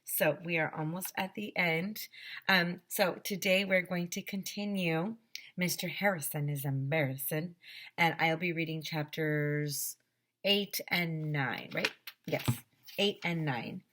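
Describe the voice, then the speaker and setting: A woman teacher reading a children's chapter book aloud to her class, expressive and gently dramatic. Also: sits low, measured pace.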